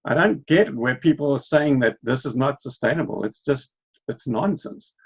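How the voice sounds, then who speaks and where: Male host, husky voice, earnest, muffled lo-fi audio. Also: medium pitch, animated, moderate pace. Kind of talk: casual interview chat.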